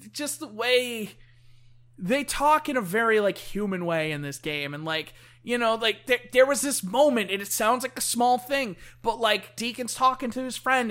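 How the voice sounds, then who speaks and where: A man with a high, bright voice gushing in a casual chat. He talks excitably and scatters "like" through every sentence, laughing along as he goes. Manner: excitable, full of "like" fillers.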